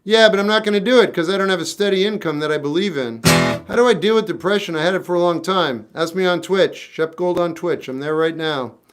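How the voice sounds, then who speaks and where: A man's voice: high voice, a little fast. A man in his fifties, a singer-songwriter chatting casually on a livestream, answering comments in a blunt, wry, offhand way. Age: 50s. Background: guitar playing.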